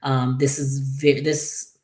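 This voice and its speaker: A woman recapping a daytime soap episode in a chatty, animated way, acting out the characters' lines with playful asides and laughter. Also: rumbling low, slow. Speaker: soap opera recap host. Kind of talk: casual recap vlog.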